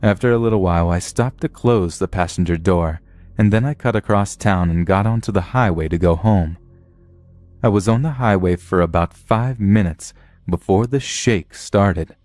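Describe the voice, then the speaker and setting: A man with a deep, low-pitched voice reads a scripted horror story. His telling is blunt and profane, with a plain, steady delivery. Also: moderate pace, no room sound. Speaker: narrator.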